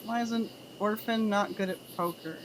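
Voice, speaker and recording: A woman's voice: medium pitch, fairly even intonation, moderate pace, slight background noise. A woman streamer chatting casually with her chat, telling groan-worthy jokes and giggling at them.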